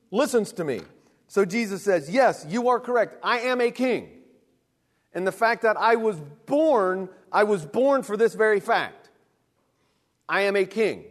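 A man in his thirties preaching a sermon in an animated way, acting out quick voices for God and people. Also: high-pitched. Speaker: pastor. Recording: long reverb of a hall.

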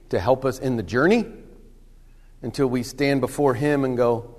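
Male preacher, conversational sermon, acted-out dialogue, soft hushed moments, long hall reverb. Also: medium pitch, normal speed.

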